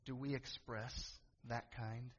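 A man's voice: medium pitch, level tone, takes it slowly, husky. A middle-aged male pastor preaching a sermon, telling a story with asides to the congregation and building to emphatic calls. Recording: echoey hall, dull lo-fi sound.

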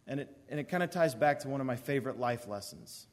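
A man's voice: mid-range voice, expressive, fast talker. A young man earnestly telling a personal story from summer camp to an audience. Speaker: youth speaker.

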